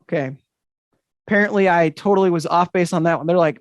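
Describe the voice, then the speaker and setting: A man's voice: high voice, fairly quick, dry recording. Upbeat male magician hosting on a video call. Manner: upbeat, enthusiastic, audience-engaging. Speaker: magician and host. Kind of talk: interactive magic show patter.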